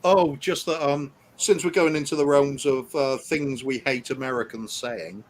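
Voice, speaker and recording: A man's voice: medium pitch, steady tone, moderate pace. A man in casual chat, insisting pedantically on proper word usage.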